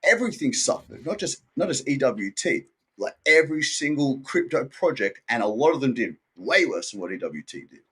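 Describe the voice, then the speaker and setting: Guy in an interview just rambling along, kinda husky, dude this dude that. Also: mid-range voice, sing-song, moderate pace, few pauses, fairly bright tone. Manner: laid-back rambling, full of "dude" and "like"; acts out quoted people in his story. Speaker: interview guest. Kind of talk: casual interview chat.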